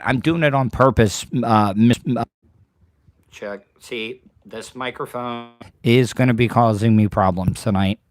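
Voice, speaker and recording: A man's voice: mid-range voice, a little slow, no room sound, studio quality. A man hosting a podcast livestream from home, talking casually and rambling straight to his viewers. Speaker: podcast host. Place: home, birds outside.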